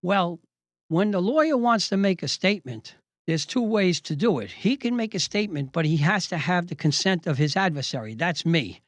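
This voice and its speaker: A man's voice: high voice, moderate pace, dry recording. An older man, a judge, hosting and telling a courtroom story from his days as a trial lawyer, acting out the exchanges with relish. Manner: lively anecdotal telling, acting out quoted exchanges.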